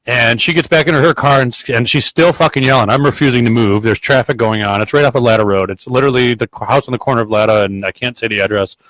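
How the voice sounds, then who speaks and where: A man's voice: medium pitch, fast talker, hardly any pauses, no echo, low-quality recording. A man hosting a podcast who tells stories in casual chat, swearing constantly and rambling bluntly. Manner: grows loud and heated when retelling arguments. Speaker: podcast host.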